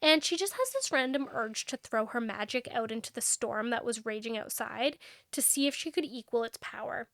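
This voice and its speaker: A young adult woman co-hosting a book podcast, retelling a novel's plot in casual chat and acting out the characters' lines in quick quotes. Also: a little high, gravelly, dry recording. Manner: animated storyteller, acts out dialogue with quick quotes.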